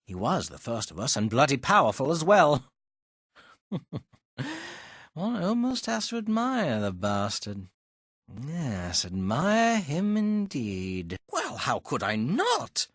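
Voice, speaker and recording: Foppish necromancer dandy, snobbish and mocking; voice leaps all over, recorded dry. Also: male voice, a little high, wildly swooping pitch, slow, a bit bright, dry recording, exaggerated voice. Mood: sly, amused. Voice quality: plummy, theatrical, lots of bursting laughs. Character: haughty foppish male necromancer companion, sneering. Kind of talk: game voice acting. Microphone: close studio mic.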